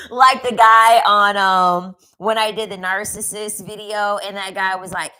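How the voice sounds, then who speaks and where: Sassy, emphatic woman with a bright voice. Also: medium pitch, steady tone, moderate pace, hardly any pauses, rough recording. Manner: sassy, emphatic, repeats lines for effect. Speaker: commentary vlogger. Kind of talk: casual commentary rant.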